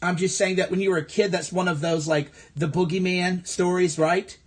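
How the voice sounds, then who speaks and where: A man's voice: sits high, fairly even intonation, moderate pace. Angry profane man ranting on a livestream. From American Midwest. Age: adult. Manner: angry, profane, repetitive and sarcastic. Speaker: livestream host. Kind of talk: ranting political livestream monologue. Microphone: phone livestream.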